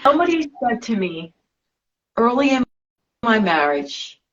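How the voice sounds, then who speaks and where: A woman's voice: a little high, big pitch swings, a little slow, pauses often, fairly bright tone. A middle-aged woman hosting a talk show, chatting casually and passing on a listener's question. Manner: conversational, relays listener questions. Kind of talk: casual interview chat. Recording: dull lo-fi audio.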